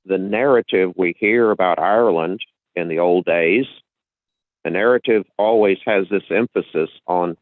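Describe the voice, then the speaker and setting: Speaking at a moderate pace in a very low voice, a podcast host gives a casual explanatory talk, lecturing at length, restarting and circling back to repeat points as he builds his case. His voice comes through a thin, phone-like line, dry and close with no room sound.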